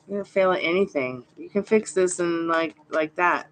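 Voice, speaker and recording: A woman's voice: lowish voice, normal speed, slight background noise. Chatty woman reading tarot live. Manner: chatty and reassuring, greets viewers by name. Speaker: tarot reader hosting a live stream. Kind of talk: casual live-stream chat.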